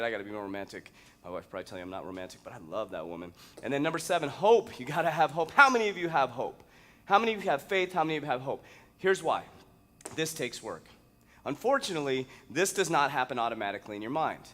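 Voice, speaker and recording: A man coaching fitness who gives an energetic, emphatic motivational talk, drawing out single words and breaking into sudden loud outbursts. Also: medium pitch. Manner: drawn-out, playful stresses on single words.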